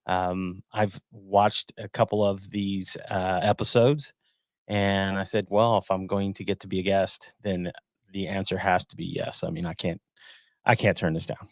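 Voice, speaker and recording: A man's voice: deep voice, level tone, measured pace, no room sound. Rambling man on a dry webcam mic. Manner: rambling, with restarts and stammers. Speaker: podcast guest. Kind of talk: casual live-stream chat. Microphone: home webcam setup.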